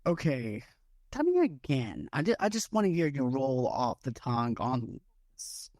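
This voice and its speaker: A chatty, jokey man co-hosts a podcast and thinks each movie pitch through out loud. His voice sits in a middle pitch. The recording is close and dry, with no room sound. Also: very animated, unhurried, no room sound. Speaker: podcast co-host. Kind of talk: casual podcast chat, mock pitch role-play.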